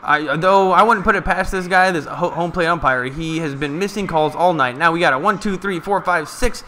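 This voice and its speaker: Bright high-voiced man doing excited play-by-play. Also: moderate pace, slight background noise. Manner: excited, chatty, talks to viewers. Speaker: live game commentator. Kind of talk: casual play-by-play from a stream.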